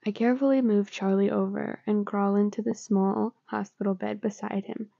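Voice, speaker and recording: A woman reads fan fiction aloud in a plain, unhurried way. Her voice is gravelly and dark. The recording is close, dry and lo-fi. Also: mid-range voice, fairly even intonation, dry recording. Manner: plain, unhurried reading with small slips. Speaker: fanfiction reader.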